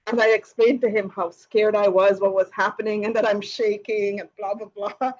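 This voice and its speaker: Her medium-pitched, darkish voice has a flat delivery and a moderate pace, and the audio is dull. Hosting a live question-and-answer session, she casually shares a personal story, dropping in many "you know" fillers and light laughs.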